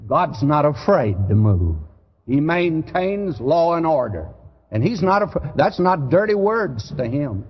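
A man preaching a sermon, earnest and conversational, with sudden loud emphasis. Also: fairly high pitch, big pitch swings, unhurried, slight background noise. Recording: dull lo-fi recording with long hall reverb.

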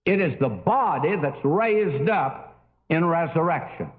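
An older man preaching a sermon, telling a story with folksy asides, many fillers and a lively, rising and falling delivery. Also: fairly high pitch, slow pace. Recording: phone-like narrow audio.

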